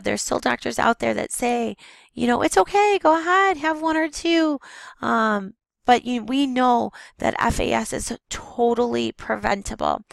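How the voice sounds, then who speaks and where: A woman teaches a recorded lesson over slides, talking plainly and steadily with frequent "um"s and restarts. Her voice is deeply gravelly and worn that day. The sound is dry and close, with no room around it. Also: dry recording. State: voice not at its best.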